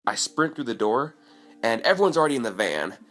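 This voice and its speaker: A man casually telling a personal story in a vlog, animated and profane, acting out what people said. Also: medium pitch, a little fast. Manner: animated, profane, acts out quoted voices.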